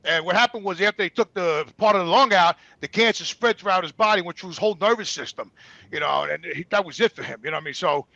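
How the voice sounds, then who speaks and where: A man's voice: high voice, fast talker, creaky, dry recording, lo-fi sound. An older man in his sixties with a New York accent, telling blunt, profane stories from his life as a talk show guest. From New York, USA. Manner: blunt, profane, animated retelling. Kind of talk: casual storytelling.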